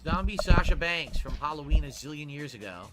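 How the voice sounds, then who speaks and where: A man's voice: a little high, expressive, brisk. A man livestreaming a mobile game, energetically explaining the gameplay to his chat. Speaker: streamer. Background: music.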